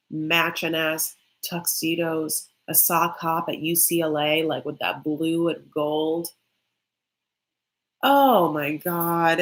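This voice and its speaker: A young woman hosting a reality-TV recap vlog, ranting bluntly and profanely, with quick mocking impressions of the people she describes. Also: on the low side, fairly bright tone. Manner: mocking, with quick acted-out quotes. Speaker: recap vlogger.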